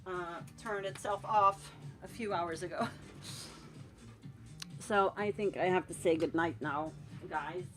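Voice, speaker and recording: Low-voiced Scandinavian woman chatting late at night. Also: slow, long pauses, soft background music. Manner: rambling, animated, encouraging, lots of "like". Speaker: tattoo artist streaming live. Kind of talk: late-night live-stream chat with viewers. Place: at home in a cold room, painting.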